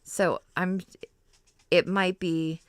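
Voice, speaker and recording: A woman's voice: lowish voice, flat delivery, very slow. A middle-aged woman hosting a crafting livestream, chatting casually and rambling with fillers as she works. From Ohio, US. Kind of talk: casual chat while crafting.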